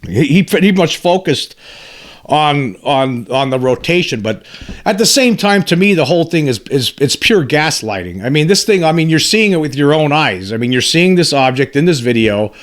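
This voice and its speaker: A man's voice: fairly high pitch, lively intonation, normal speed. A man hosting a casual commentary, talking in a rambling, emphatic way with many restarts and repeated "I mean". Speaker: host.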